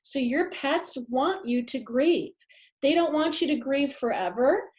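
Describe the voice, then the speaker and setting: A woman with a fairly high voice teaches a live masterclass, speaking earnestly to her audience. She leans hard on key phrases and repeats them for emphasis. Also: expressive, measured pace. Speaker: pet afterlife speaker.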